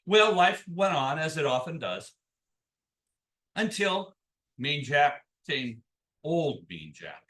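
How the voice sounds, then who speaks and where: A man telling a folk tale at a live story swap, in an animated, folksy way with chuckles. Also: fairly high pitch, slow, long pauses.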